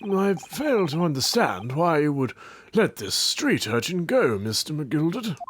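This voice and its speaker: A man's voice: on the high side, very animated, measured pace, a little hiss or hum. A man voicing a formal, stern older judge, speaking in stately diction in a game playthrough.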